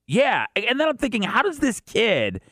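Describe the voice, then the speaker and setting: A man's voice: extremely high pitch, wildly swooping pitch, moderate pace, pushed and bright, dry recording, clean studio sound. A man co-hosting a radio show, retelling a story animatedly and acting out quotes.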